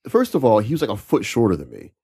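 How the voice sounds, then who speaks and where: A man's voice: fairly low pitch, huge pitch swings, fast talker, vocal fry, mellow, breathy edge. A man co-hosting a movie podcast, telling a story in a wry, casual way with quoted back-and-forth. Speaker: podcast co-host.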